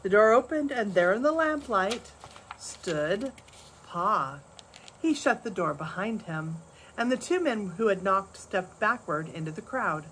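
An older woman, a grandmother, reading a storybook chapter aloud in a soft, measured way. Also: medium pitch, lively intonation, a little hiss or hum.

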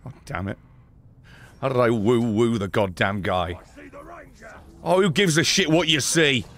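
A man doing gameplay commentary, loud and sarcastic, swearing and shouting at the game. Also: medium pitch, animated, a little slow. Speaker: gaming streamer.

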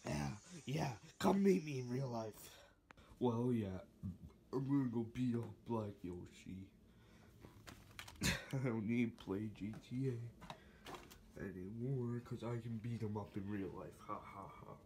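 A man's voice: lowish voice, takes it slowly, pauses often, background noise. Jason Paratrooper Koopa, a man doing a bragging turtle. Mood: smug. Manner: bragging, trash-talking. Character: cocky boastful male turtle gamer. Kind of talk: plush puppet comedy skit.

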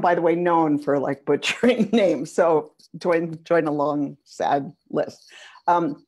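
Host: woman, lowish voice, easygoing and chatty, video call. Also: a little mellow. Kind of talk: casual video call talk show.

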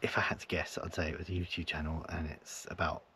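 A very low-pitched man chats in a loose, rambling way while camping in his van, now and then lowering his voice to a near-whisper. A handheld camera records him outdoors, with clear background noise all around. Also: level tone, fast. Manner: rambling, chuckling, sometimes hushed to avoid being overheard. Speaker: vlogger. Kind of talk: casual camping vlog chat. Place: in a van at a forest campsite, outdoors. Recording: noisy outdoor ambience.

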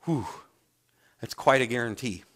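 A man's voice: mid-range voice, unhurried, fairly bright tone. A man, a pastor preaching a sermon and acting out scripture scenes with big swings in his voice.

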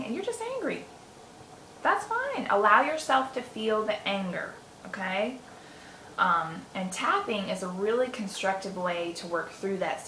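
A woman talks straight to camera in a bright, forceful voice and rambles through a story with plenty of fillers. The sound bounces around a roomy space, with a faint hiss underneath. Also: mid-range voice. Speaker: self-help vlogger teaching EFT tapping. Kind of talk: casual talk to camera. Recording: roomy echo with faint noise.

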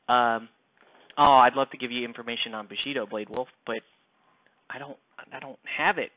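A man with a medium-pitched voice speaks at a moderate pace with fairly even intonation on a dry recording. He's live streaming miniature painting, rambling casually and self-deprecatingly with many fillers into a headset mic that sounds tinny and phone-like.

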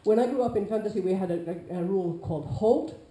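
A woman with a Nordic accent giving an informal lecture to a class, lively, acting out quoted players with sudden loud calls. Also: medium pitch, fast talker. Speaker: lecturer on larp safety. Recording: echoey lecture room.

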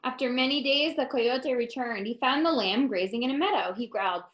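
Expressive woman teacher reading aloud. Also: fairly high pitch, brisk, hardly any pauses, low-quality recording. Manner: expressive, explaining to children. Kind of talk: reading a picture book aloud.

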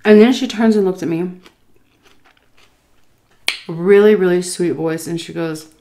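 A woman casually telling a story while eating, animated and swearing freely. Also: fairly low pitch, measured pace, long pauses. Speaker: vlogger.

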